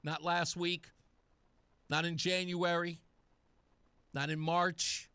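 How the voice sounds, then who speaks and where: A man's voice: on the high side, level tone, slow, bright, forceful tone, clear, resonant tone, dry recording. A man hosting political talk radio, delivering sarcastic, mocking commentary. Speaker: radio talk show host.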